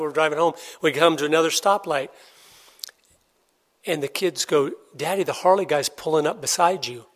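A middle-aged man preaching a sermon, telling a personal story in an earnest way and swinging between loud, excited stretches and hushed ones. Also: on the high side. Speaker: pastor.

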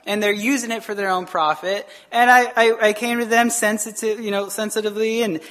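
A male pastor preaches with an animated, conversational delivery. He wanders into quick asides and slips into the voices of people he quotes. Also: high-pitched. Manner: frequent fillers and quick asides. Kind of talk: sermon.

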